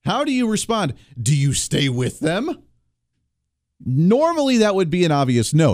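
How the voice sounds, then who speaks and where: A man hosting a live talk radio show, delivering an energetic, sarcastic monologue from a radio studio. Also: fairly high pitch, unhurried, dry recording. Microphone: studio microphone.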